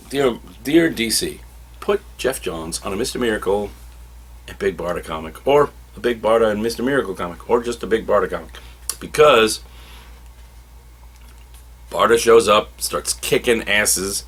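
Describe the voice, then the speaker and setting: Husky guy chatting through comic reviews, animated, does little voices for the characters. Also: lowish voice. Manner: animated, acts out characters' lines.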